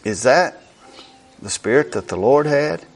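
A man preaching a sermon slowly and emphatically, repeating key words for effect. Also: medium pitch, animated.

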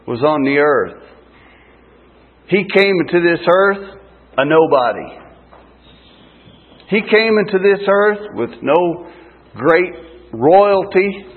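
Male street preacher, slightly high husky voice, slow deliberate delivery, tinny phone-like recording. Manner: slow, emphatic preaching with dramatic pauses. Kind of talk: sermon.

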